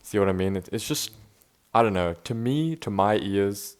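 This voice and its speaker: With a lowish voice at normal speed, a young man chats to camera in an unscripted vlog. He's laid-back and self-reflective, talks loosely, keeps restarting his sentences, and says "bro" and "man" often.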